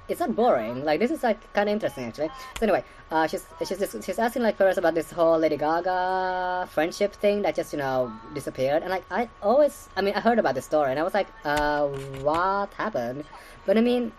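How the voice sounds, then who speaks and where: A woman's voice: sits low, a little hiss or hum, low-quality recording. A woman hosting a podcast recap in casual rambling commentary, swearing freely, stacking fillers and laughing at her own asides.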